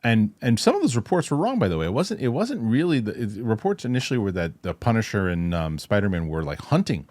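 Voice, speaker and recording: A man's voice: lowish voice, sing-song, quick pace, hardly any pauses, darkish tone, no room sound. A man hosting a casual film review chat, rambling with restarts and acting out movie lines. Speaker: host.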